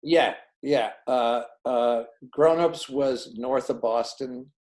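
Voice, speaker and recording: A film director being interviewed, telling behind-the-scenes stories and acting out the dialogue of the people in them. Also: male voice, medium pitch, slow, poor audio. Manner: animated, acts out dialogue in quoted voices. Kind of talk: anecdotal storytelling in an interview.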